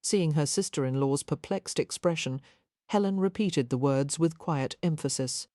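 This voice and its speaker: A woman narrating a historical romance audiobook at a measured, even pace. Her voice sits low and mellow. The recording is dry and close, with no room sound. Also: dry recording.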